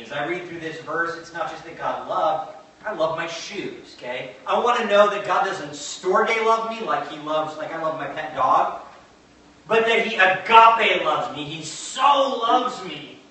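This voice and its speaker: A man preaching a sermon, moving from quiet asides to slow, emphatic declarations and questioning his congregation. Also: sits high. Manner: asks the congregation questions and answers back. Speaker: pastor. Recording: echoey hall from far off, faint noise.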